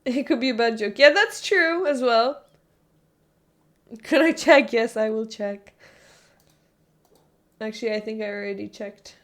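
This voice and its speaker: A woman's voice: fairly high pitch, a little slow, pauses often. A woman streamer chatting casually with her viewers, rambling and often stopping herself mid-thought. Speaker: live streamer. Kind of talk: casual live-stream chat.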